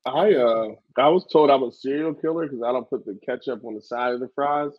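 A man co-hosting a podcast, loud, joking and profane in casual chat. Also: mid-range voice, brisk, highs cut off. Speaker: podcast co-host.

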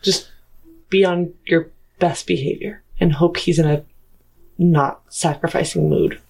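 A woman with a fairly low voice speaks slowly as a player at a tabletop game. She states what her character does in a deliberate, measured way. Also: steady tone, darkish tone, husky, rough recording.

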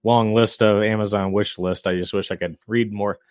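A man's voice: lowish voice, steady tone, normal speed, darkish tone, dry recording, studio quality. A man guesting on a podcast, talking about real estate in an easygoing way with frequent chuckles and fillers. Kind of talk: casual interview chat.

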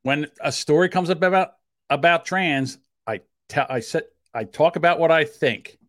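A man with a South Jersey accent co-hosts a podcast in a casual, argumentative way. He gets defensive fast and pushes his pitch up when he presses a point. The sound is dry and close, with no room around it. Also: a bit bright, no room sound. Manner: defensive, heated, quick to rise in pitch; admits a short temper. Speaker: podcast co-host.

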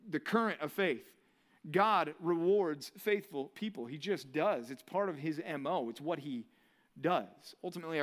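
A young adult man preaching a sermon as pastor, animated, with quick asides and acted-out quotes. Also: a little high.

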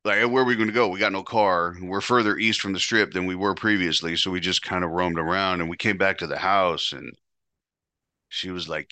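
A man's voice: low voice, steady tone, fairly quick, sharp tone, no room sound. A man hosting a podcast, telling a candid personal story in a blunt, profane, confessional way. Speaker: podcast host.

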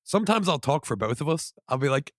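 A man's voice: fairly high pitch, big pitch swings, fast talker, fairly bright tone, no room sound, clean studio sound. A man co-hosting a podcast, joking and rambling in casual banter. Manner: joking, rambling, puts on voices. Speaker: podcast co-host.

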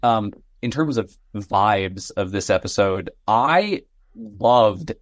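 A man's voice: fairly low pitch, expressive, takes it slowly, dry recording, clean studio sound. A man guest on a casual podcast, talking enthusiastically and breaking off his own sentences. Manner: enthusiastic, self-interrupting. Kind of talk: casual chat.

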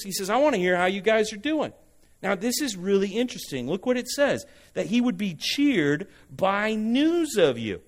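A man from Southern California, preaching a sermon, animated and asking the congregation for responses. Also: fairly high pitch. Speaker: pastor.

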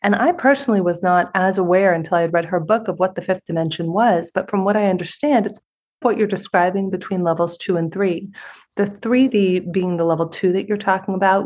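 A woman hosting a spiritual interview podcast, telling stories in an earnest, animated way. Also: fairly low pitch. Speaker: podcast host. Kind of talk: conversational interview with storytelling.

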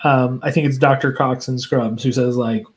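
A man of middle pitch chatting easily with his co-host, breaking into laughter often. He weighs in with wry side comments while they recap the show. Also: fairly even intonation, moderate pace. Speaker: podcast co-host. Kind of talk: casual chat.

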